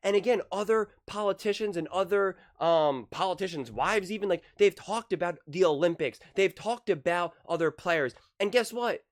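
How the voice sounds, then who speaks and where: Young guy ranting about sports, kinda high voice, keeps saying like like like, fed up. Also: normal speed, few pauses. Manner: rambling, exasperated, lots of repeated "like". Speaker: sports commentary host. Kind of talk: solo reaction commentary.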